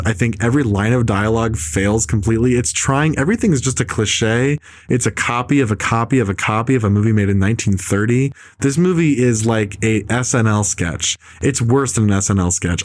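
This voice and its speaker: A man's voice: mid-range voice, no room sound. A man ranting emphatically about a film on a casual podcast, piling up repeated harsh verdicts. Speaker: podcast co-host.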